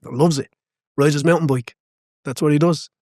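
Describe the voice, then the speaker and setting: A man's voice: a little high, fairly even intonation, normal speed, mellow, no room sound, studio quality. A man, a boxing coach, talking as a guest in a podcast interview, passionate and emphatic, repeating phrases to drive home his point.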